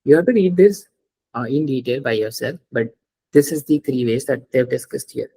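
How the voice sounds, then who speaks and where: A patient language teacher walks through each example and repeats it. The voice is dark and mellow, with a husky edge. The teacher keeps checking whether the student follows. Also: medium pitch, expressive, normal speed, poor audio. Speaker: French teacher. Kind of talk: live online language lesson.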